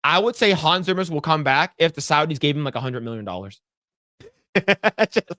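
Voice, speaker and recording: A man hosting a casual podcast chat, swearing freely and acting out quotes in a loud, high voice. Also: moderate pace, dry recording, studio quality. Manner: animated, profane, acts out quotes in a loud high voice. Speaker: podcast host.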